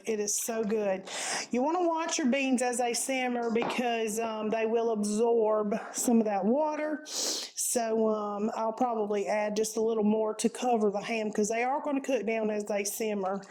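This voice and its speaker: A woman's voice: fairly high pitch, mellow, rough recording. A woman, casually talking viewers through a home cooking recipe in a folksy, chatty way from her kitchen.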